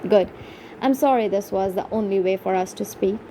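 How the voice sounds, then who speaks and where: A woman's voice: medium pitch, mellow, a little hiss or hum, close to an everyday voice, poor audio. A woman voicing a lilting young Irish man. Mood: teasing. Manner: lilting, sing-song lines delivered slowly. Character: young brawny Irish man, teasing and confident.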